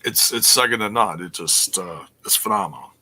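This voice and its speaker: A man with a very bright, sharp voice co-hosts a casual podcast chat. He gropes for words as he goes and breaks off to restart his sentences. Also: lowish voice, moderate pace. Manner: hesitant, many fillers and restarts. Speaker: podcast co-host.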